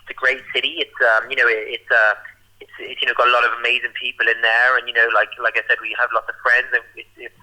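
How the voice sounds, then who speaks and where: A man's voice: mid-range voice, little pitch movement, fast talker, sharp tone, rough recording. A young man with a Birmingham accent, speaking in a rambling casual interview full of fillers. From Birmingham, England. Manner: rambling, full of "like" and "you know". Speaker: roller skating performer.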